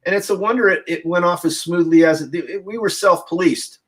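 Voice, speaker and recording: A man interviewed as a guest musician, speaking haltingly with many restarts and "you know"s over a video call. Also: high-pitched. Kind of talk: casual interview reminiscence.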